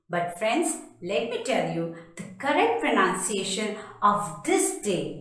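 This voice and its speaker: A woman teaching English pronunciation, speaking emphatically, repeating each word and spelling it out letter by letter. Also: mid-range voice. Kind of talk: slow spoken pronunciation lesson. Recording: very echoey room.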